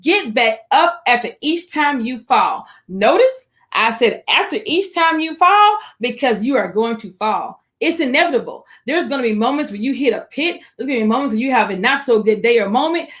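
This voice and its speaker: Higher-pitched woman giving an encouraging webinar talk. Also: lively intonation, fairly bright tone. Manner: encouraging, speaks directly to the audience; slows down to stress key phrases. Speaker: webinar presenter. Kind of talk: online presentation for educators.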